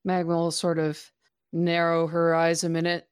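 A woman's voice: on the low side, completely flat delivery, moderate pace, clean tone, no room sound. A woman playing a tabletop game, hesitant and full of fillers as she describes her character's actions. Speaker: player.

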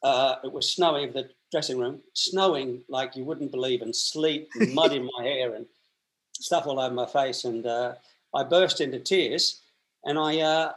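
A man's voice: medium pitch, fairly bright tone. A man, telling stories as a podcast guest, acting out voices, with many restarts. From Australia. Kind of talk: casual storytelling.

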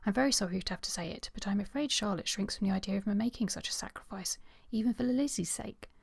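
A woman's voice: medium pitch, quick pace, creaky, husky, dry recording, studio quality. A woman voicing a shy, earnest girl of seventeen who stammers anxiously.

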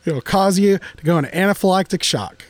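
A man co-hosting a podcast in casual chat, joking and excitable, talking in restless bursts. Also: high-pitched, a little fast, dry recording. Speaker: podcast co-host.

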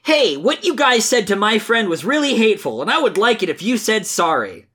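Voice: medium pitch, very animated, a bit bright, breathy edge, voice pushed up. A podcaster doing a preachy hedgehog hero. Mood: earnest preachy. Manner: slow, raised and overly sincere. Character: earnest preachy male cartoon hedgehog hero. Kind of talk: comic dramatic reading of a fan comic.

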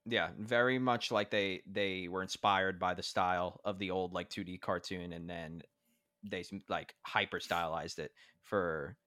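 Man, very deep voice, rambling casual movie chat, dry close sound. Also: steady tone, unhurried, bright, forceful tone, dry recording. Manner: rambling, loose, with lots of fillers.

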